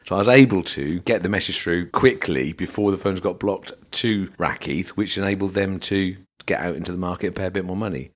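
Casting: middle-aged English man, low voice, animated podcast storyteller. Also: a little fast, few pauses. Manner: animated anecdotes, acts out voices. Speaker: podcast guest. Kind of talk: casual storytelling chat.

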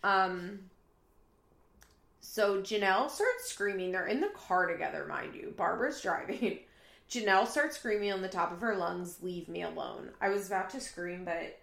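A woman's voice: medium pitch, expressive, moderate pace, vocal fry, a bit bright, reverberant. A woman recapping a reality TV episode in casual chat, laughing often and acting out what people said. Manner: chatty, laughing, acts out quotes. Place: apartment room.

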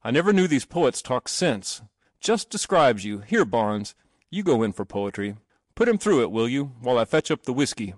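A harsh Victorian father, loud and scornful, barks out every line as a male narrator puts him on. His voice sits higher and louder than the reader's own and swings widely in pitch. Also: big pitch swings, moderate pace, no echo, clean studio sound. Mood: mocking. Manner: booming, scornful.

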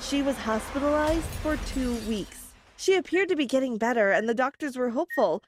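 A woman's voice: high voice, expressive, fairly quick, background noise. A woman narrating a first-person story in an earnest, plain storytelling manner.

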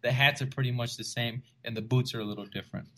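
A young man from South Texas with a Texan accent, co-hosting a casual podcast and telling lively stories with frequent laughs and restarts. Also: mid-range voice, fast. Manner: animated storyteller, laughs often, many restarts. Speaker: podcast co-host.

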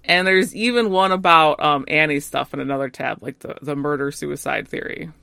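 A woman's voice: sits low, fairly even intonation, gravelly, sharp tone, dry recording. A woman co-hosting a casual podcast, retelling scenes and peppering her speech with "like". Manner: retells scenes with quick acted quotes, filler "like". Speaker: podcast co-host. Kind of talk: casual recap chat.

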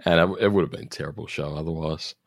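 A man's voice: rumbling low, steady tone, fast talker, vocal fry, no room sound, studio quality. A man co-hosting a podcast, chatting casually as he recaps an episode, laughing often and using lots of fillers. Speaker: podcast co-host.

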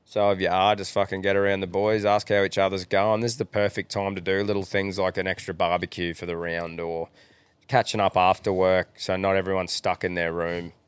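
A man's voice: low-pitched, flat delivery, brisk, clear, resonant tone, no echo. A young Australian man co-hosting a casual podcast, laid-back and encouraging, swearing freely. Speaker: podcast co-host.

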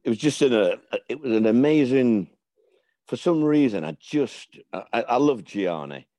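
A man's voice: medium pitch, lively intonation, normal speed, dark tone, no echo. A middle-aged man, an interview guest, telling stories in a rambling way with frequent restarts. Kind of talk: casual storytelling.

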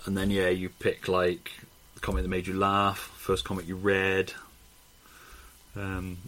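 Rambling man with a low voice. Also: monotone, measured pace, a bit bright. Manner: rambling, laughs often, swears casually. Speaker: podcast co-host. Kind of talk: casual chat.

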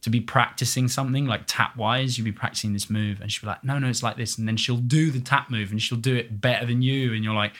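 A man's voice: medium pitch, quick pace, few pauses. A man, a stage performer, chatting animatedly as a guest with many fillers. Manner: chatty and animated, full of fillers and quoted voices. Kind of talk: casual interview chat.

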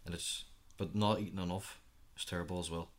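A man's voice: deep voice, steady tone, a little fast. A thirteen-year-old boy, co-hosting a youth podcast in casual chat and acting out his own reactions as he tells stories. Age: 13, teenager. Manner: chatty storyteller, acts out his own reactions.

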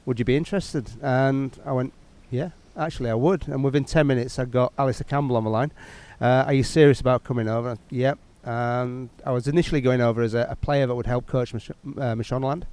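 A man's voice: mid-range voice, fairly even intonation, quick pace, few pauses, darkish tone, smooth. Reflective man telling his coaching story. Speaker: cricket coach guest. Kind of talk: casual interview.

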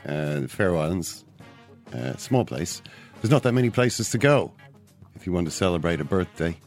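An Irish man hosting a sports podcast, talking in a mock-solemn, deadpan way. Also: sits low, moderate pace, faint music behind. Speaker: podcast host. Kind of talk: deadpan mock-serious chat.

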